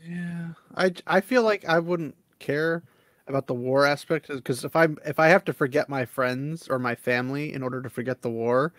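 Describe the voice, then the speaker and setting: A man's voice: on the high side, moderate pace, fairly bright tone, no room sound, clean studio sound. A man co-hosting a casual reaction chat, joking and trailing off now and then. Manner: joking, laughs often, trails off. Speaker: co-host.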